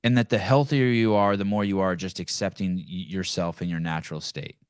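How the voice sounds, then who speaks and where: A man's voice: low-pitched, brisk, clean tone, no echo, studio quality. Blunt swearing male podcast host. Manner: blunt, swearing, animated rants. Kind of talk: casual profane commentary.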